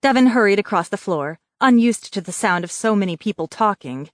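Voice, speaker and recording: A woman narrates a scripted audiobook with measured, even storytelling. Her voice is mid-range, and the studio sound is clean, with no echo.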